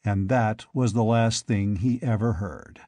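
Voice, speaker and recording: A man narrating a fantasy audiobook in a measured, dramatic storytelling manner, recorded on a close studio mic. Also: on the low side, dark tone, no room sound. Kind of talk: scripted narration.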